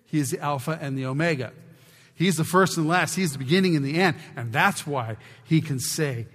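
A man preaching a sermon as pastor, exhorting his church and swinging from loud to hushed. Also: fairly high pitch, brisk. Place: church sanctuary. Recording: long church reverb.

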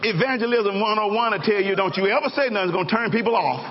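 A pastor preaching a lively, joking sermon and calling out to the congregation. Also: male voice, sits high, fast. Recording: echoey hall, dull lo-fi sound.

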